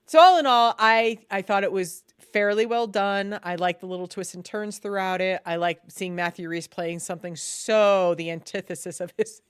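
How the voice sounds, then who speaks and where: A woman co-hosting a casual chat, recapping a TV series in an animated, chatty way. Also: medium pitch, normal speed, hardly any pauses, clean tone, no room sound, clean studio sound. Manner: chatty and animated, breaks into loud exasperated quoted outbursts. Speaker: podcast co-host.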